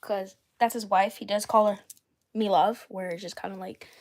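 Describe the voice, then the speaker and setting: A woman in her twenties with a medium-pitched, darkish voice chats casually on a livestream about the dolls she voices as the creator of a doll series. She rambles, corrects herself, and often clears her throat.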